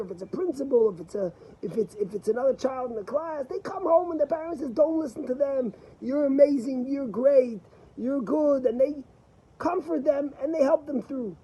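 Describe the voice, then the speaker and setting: A man's voice: high voice, warm tone, a little hiss or hum, low-quality recording. A man giving a sermon as a rabbi, repeating key phrases for emphasis in an earnest teaching manner.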